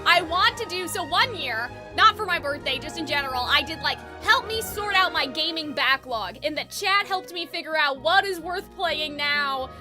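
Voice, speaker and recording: A woman's voice: high-pitched, expressive, moderate pace, few pauses, over music. A woman hosting a casual livestream chat, a little congested and sniffly, talking in a chatty, giggly, rambling way. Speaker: YouTube host.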